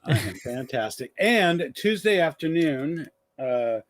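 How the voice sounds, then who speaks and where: A man co-hosting a casual livestream, relaxed and drawn-out as he talks. His voice is slightly high for a man. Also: a loud crowd. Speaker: co-host.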